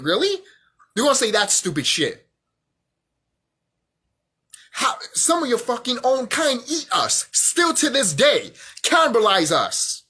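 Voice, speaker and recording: A man's voice: high voice, bright, forceful tone, breathy edge. A young man vlogging a heated, profane rant, often repeating himself. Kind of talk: angry rant monologue.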